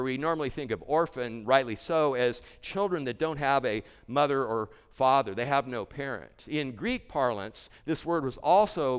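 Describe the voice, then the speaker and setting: A man's voice: mid-range voice, smooth. A male pastor preaching an expository sermon in a church sanctuary, earnest and emphatic, repeating key phrases for weight. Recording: long church-hall reverb.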